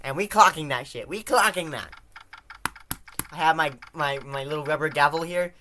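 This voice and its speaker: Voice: mid-range voice, normal speed, sharp tone, a little hiss or hum. Casual joking game streamer voicing a nervous rookie lawyer. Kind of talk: let's play voice-over, reading and commenting.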